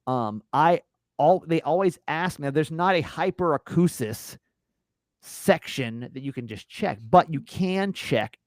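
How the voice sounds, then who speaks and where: A man's voice: fairly high pitch, measured pace, dry recording, studio quality. A man hosting a podcast, telling a rambling story in a casual, swearing way. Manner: animated, rambling, swears and laughs. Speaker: podcast host.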